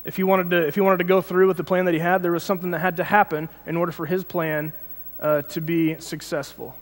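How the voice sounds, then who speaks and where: A man's voice: high voice, little pitch movement, fast talker. A young man giving an informal sermon in a church, telling a personal story with many restarts. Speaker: preacher. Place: church sanctuary. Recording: long church hall reverb.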